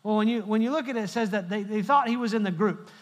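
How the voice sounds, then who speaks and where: A man's voice: sits high, fast. A middle-aged male pastor giving a humorous sermon, telling stories and joking with the congregation. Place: large church hall. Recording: long hall reverb.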